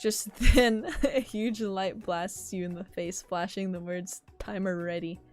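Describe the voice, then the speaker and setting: A woman's voice: mid-range voice, fairly even intonation, measured pace, darkish tone. A woman streaming a game, reading its text aloud in a playful way and laughing often. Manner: playful, laughing, voices characters. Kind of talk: reading a dating sim aloud. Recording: faint music behind.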